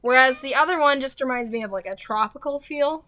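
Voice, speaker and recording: A woman's voice: sits high, brisk, hardly any pauses, pushed and bright, dry recording. A woman chatting casually through a voiceover about something she built, rambling with frequent laughs and filler words, recorded at home. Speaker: game builder narrating her build.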